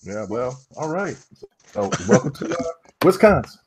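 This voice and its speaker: A man's voice: mid-range voice, very animated, a little slow, noisy background. A man hosting a casual gaming podcast over an online call, loose and joking, often repeating himself. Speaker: podcast host.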